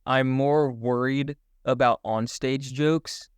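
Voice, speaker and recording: Smooth-voiced young comedian, animated. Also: male voice, mid-range voice, slow, dry recording. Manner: animated, laughs often, rambling storytelling. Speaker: comedian guest. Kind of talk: casual podcast chat.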